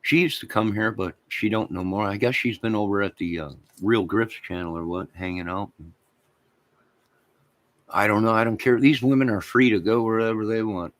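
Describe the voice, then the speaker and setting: A man's voice: on the low side, moderate pace. A man hosting a livestream, rambling crudely and talking to his chat viewers. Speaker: livestream host.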